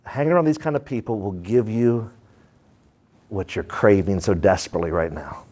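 A pastor delivers an animated, folksy sermon to his congregation. He shifts between loud bursts and low asides, dropping into quick voices to play the people he's talking about.

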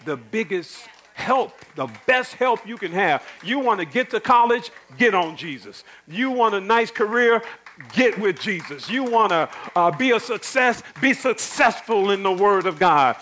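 A man's voice: high-pitched, animated, a little slow, a bit bright, a little hiss or hum, poor audio. A middle-aged man preaching a sermon in an emphatic, repetitive way, with folksy asides.

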